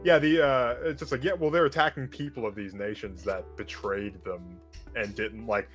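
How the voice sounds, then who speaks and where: A man's voice: lowish voice, fairly even intonation, normal speed, a bit bright. Easygoing guy tossing out story ideas, faint music behind. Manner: laid-back, laughs easily. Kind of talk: casual brainstorming chat.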